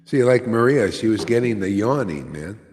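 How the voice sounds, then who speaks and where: Relaxed low-voiced man teaching in a hall. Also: moderate pace. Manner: loose and conversational, keeps asking "see?" and dropping "man". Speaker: spiritual teacher. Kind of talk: informal devotional talk. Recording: long hall reverb.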